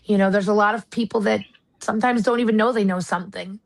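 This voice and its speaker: An American woman guest talks in an earnest, measured way. Her voice sits at an ordinary middle pitch, and she speaks candidly about her work as a retired marshal turned investigator. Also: steady tone, gravelly, low-quality recording. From United States. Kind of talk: casual interview talk.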